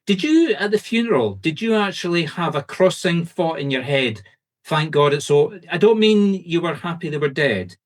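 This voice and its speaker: A man with a Scottish accent working as a medium, giving fast, insistent, reassuring readings to a group over a video call. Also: fairly high pitch, lively intonation. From Scotland.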